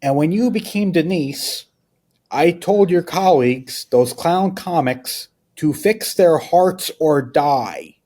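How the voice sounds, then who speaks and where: Man imitating an earnest older director, slow, drawled, high-pitched. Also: mellow. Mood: solemn.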